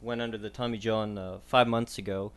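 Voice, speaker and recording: A young man who is the medical contributor on a casual sports podcast. He explains injuries in a measured way, with frequent ums and uhs. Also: on the low side, level tone, clear, resonant tone.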